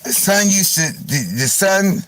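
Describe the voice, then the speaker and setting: A man's voice: high-pitched, a little slow, crowd noise, low-quality recording. A man hosting a livestream, telling gossipy stories in a casual chat to his viewers, cursing freely and laughing often. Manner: animated gossipy storytelling, frequent laughter. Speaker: livestream host.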